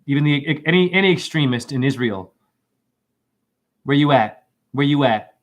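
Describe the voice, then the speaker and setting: Male host, rambling monologue, free-associating and animated, jumps between shouts and mutters. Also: on the high side, moderate pace. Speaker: spiritual video host.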